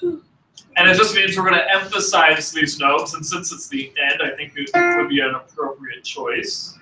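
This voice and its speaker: A man's voice: on the high side, fairly even intonation, reverberant, far from the mic, poor audio. A man teaching a music class to students, talking casually with fillers and false starts. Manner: casual, halting, with many fillers. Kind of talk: classroom demonstration.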